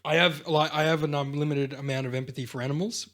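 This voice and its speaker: A man's voice: on the high side, fairly even intonation, fast, fairly bright tone. A man co-hosting a podcast, telling a rambling story in casual chat and swearing freely. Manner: rambling storyteller, swears freely, acts out quotes in big voices. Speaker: podcast co-host.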